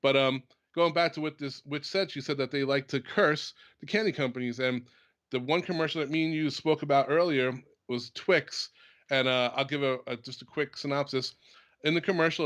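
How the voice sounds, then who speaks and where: A man co-hosting a casual church talk show, retelling scenes at length in a relaxed way. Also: a little high, normal speed. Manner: relaxed storyteller, recounts scenes with quoted voices. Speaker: church podcast co-host. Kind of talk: casual faith discussion.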